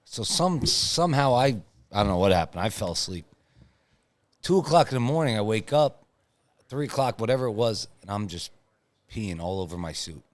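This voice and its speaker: A man's voice: on the low side, expressive, moderate pace, pauses often. Man laughing through a self-mocking story. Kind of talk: casual storytelling.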